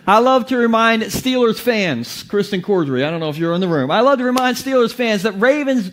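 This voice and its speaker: A man preaching as a pastor to his congregation, in a playful joking way, often laughing. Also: high-pitched. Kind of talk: humorous sermon. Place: church basement before a congregation.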